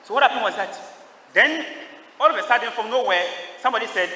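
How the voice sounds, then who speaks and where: A man's voice: high-pitched, lively intonation, quick pace, sharp tone, a little hiss or hum. Preaching man in an echoey church. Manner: call-and-response preaching, asks the crowd questions. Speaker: priest. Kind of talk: sermon. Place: large church. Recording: echoey hall, distant mic.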